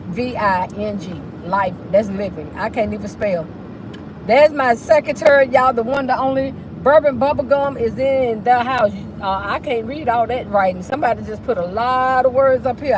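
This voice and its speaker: High-voiced woman chatting from her car. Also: a little hiss or hum, rough recording. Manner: chatty, sing-song, greets viewers. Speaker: livestream host. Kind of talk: casual live chat while driving.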